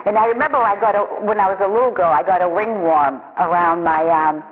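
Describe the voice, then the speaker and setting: A woman telling her personal recovery story in a halting, confessional way, often repeating her words. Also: fairly low pitch, slight background noise. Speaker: recovery program member sharing her story. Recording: tinny phone-line sound with long echo.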